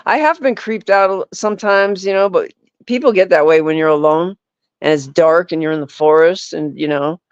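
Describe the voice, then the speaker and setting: A man's voice: fairly high pitch, moderate pace, clear, resonant tone, no echo. A man in casual chat as a podcast guest who rambles and fills his talk with "like" and "you know". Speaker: podcast guest, paranormal investigator. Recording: dull, lo-fi, dry.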